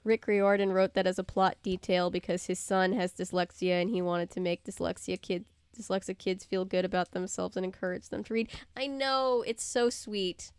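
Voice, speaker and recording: A woman's voice: medium pitch, normal speed, hardly any pauses, clear, resonant tone, no room sound. Chatty woman reading a novel aloud. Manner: animated, chatty asides, stumbles while reading. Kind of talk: casual read-aloud with chat.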